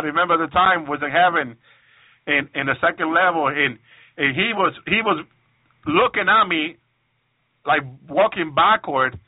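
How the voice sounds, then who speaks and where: A man's voice: fairly high pitch, no echo, narrow, tinny audio. A man giving an emotional testimony sermon, often stopping to praise God and restarting his sentences. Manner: emotional, repeats praise phrases, halting restarts. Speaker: preacher on a radio program.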